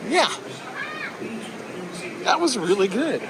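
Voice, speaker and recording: A man from the US Northeast chats casually through a theme park visit, excitable and quick to whoop on the rides. His voice sits high and swings widely in pitch. The outdoor recording carries plenty of park noise. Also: a loud crowd. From northeastern United States. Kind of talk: casual ride commentary.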